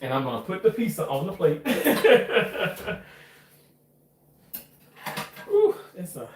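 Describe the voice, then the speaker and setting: A man's voice: sits high, huge pitch swings, unhurried, distant mic. Man, rambling casual vlog talk, off-mic, echoey kitchen. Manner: chatty, rambling, casual swearing. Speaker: cooking vlogger. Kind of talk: casual home cooking vlog. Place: home kitchen. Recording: echoey room, voice off-mic, faint noise.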